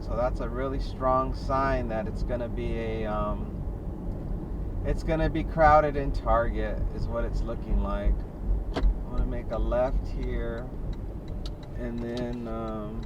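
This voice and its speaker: A man's voice: medium pitch, steady tone, measured pace, far from the mic. A man vlogging as a delivery driver, chatting and joking about the traffic and crowds as he drives, recorded inside his car on a dash cam. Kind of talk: casual driving commentary. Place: inside a car in Las Vegas. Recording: noisy car interior. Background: car and street noise.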